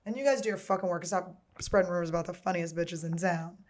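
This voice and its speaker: A woman's voice: lowish voice, steady tone, fast, a little mellow. A woman in her thirties hosting a comedy podcast, telling rambling stories in casual chat, crude and joking. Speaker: podcast host.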